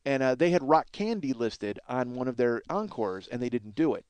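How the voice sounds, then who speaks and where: Man, podcast host, rambling storyteller, profane, self-mocking, rapid delivery, bone-dry recording. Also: mid-range voice, animated, a little mellow, clean tone, dry recording. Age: 30s. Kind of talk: solo storytelling monologue.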